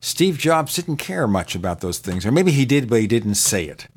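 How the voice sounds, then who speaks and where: A man's voice: medium pitch, big pitch swings, normal speed, slightly rough. A man hosting a casual conversation, steering the topic along in a conversational way. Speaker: podcast host.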